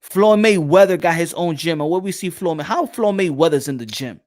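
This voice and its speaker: Man, New York accent, casual chat host, slangy, jokey, fairly high voice, dry close sound. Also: expressive, fairly quick, darkish tone, no room sound. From New York City. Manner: loose, joking, slangy, laughs often. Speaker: podcast host.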